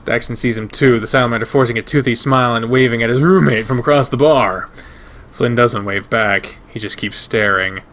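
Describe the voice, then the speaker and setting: A man reading a visual novel aloud in first person, steady and measured. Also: mid-range voice. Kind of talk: first-person narration of a game.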